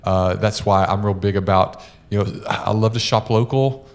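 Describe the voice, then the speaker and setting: A man's voice: fairly low pitch, normal speed. A middle-aged man co-hosting a podcast, chatting casually and telling stories with lots of "uh" and "you know". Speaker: podcast co-host.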